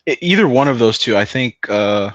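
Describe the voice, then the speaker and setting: A man's voice: medium pitch, animated, brisk, no echo, dull audio. A man chatting casually on a stream, rambling, swearing a lot and laughing often. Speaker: stream host. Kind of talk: casual chat.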